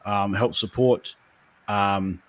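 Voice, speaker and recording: Male host, lowish voice, casual questioning style. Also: fairly even intonation, takes it slowly. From Australia. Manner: chatty, asks questions with filler restarts. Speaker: live show host. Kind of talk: casual live video chat.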